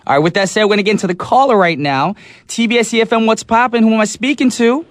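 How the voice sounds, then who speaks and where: A man's voice: high voice, fast talker, no echo. A young man hosting a radio show, chatting casually with a caller and recovering from a sore throat. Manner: energetic, chatty, laughs easily. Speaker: radio DJ host. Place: radio studio. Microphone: studio microphone.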